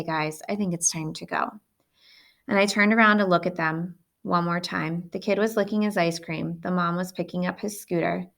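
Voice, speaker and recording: A woman's voice: fairly low pitch, creaky, a bit bright. A woman reading a novel aloud in plain first-person narration. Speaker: audiobook reader.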